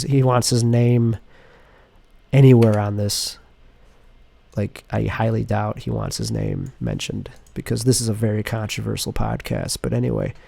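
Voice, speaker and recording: A man's voice: medium pitch, vocal fry, a little mellow, no echo. Sniffly man rambling at home. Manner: rambling, self-interrupting, sardonic. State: sick and sniffly. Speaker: podcast host. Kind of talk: casual monologue, reading a script aloud. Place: home apartment.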